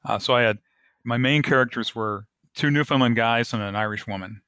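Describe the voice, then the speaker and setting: A man, an author being interviewed on a podcast, explaining his craft in a thoughtful, measured way. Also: medium pitch, fairly bright tone, clear, resonant tone, dry recording. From United States. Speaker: author guest.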